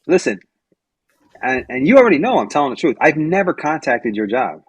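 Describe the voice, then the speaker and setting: Husky, lively man bragging on a stream. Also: on the high side, fairly quick, no echo. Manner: boastful, swears freely, laughs. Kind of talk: casual stream banter.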